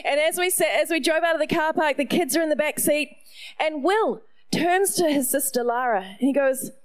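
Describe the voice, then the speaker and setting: A middle-aged woman with a New Zealand accent, preaching a sermon in an animated storytelling way with playful asides. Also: sits high, moderate pace. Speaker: pastor.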